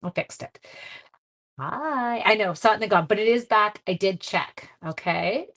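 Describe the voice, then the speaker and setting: A woman's voice: mid-range voice, moderate pace, fairly bright tone. A woman hosting a casual craft demonstration live stream, chatting with her viewers and reading their comments in a friendly, self-deprecating way.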